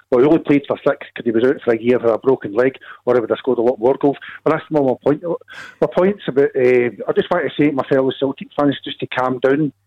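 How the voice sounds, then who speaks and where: A Scottish man calling into a football phone-in, rambling and hesitant. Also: medium pitch. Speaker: caller. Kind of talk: radio phone-in call. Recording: dull lo-fi phone line.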